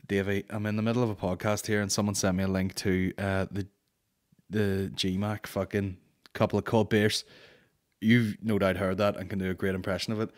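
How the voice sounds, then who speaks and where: A man's voice: fairly low pitch, little pitch movement, a little fast. A man hosting a comedy podcast, chatting casually in a profane, rambling, mocking way.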